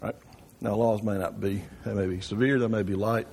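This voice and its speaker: A man's voice: fairly low pitch, fairly even intonation, a little fast, gravelly, a little mellow, a little hiss or hum. A man teaching an informal church Bible class, often asking the room questions and checking in with "right?". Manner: conversational, asks the class questions with frequent "right?".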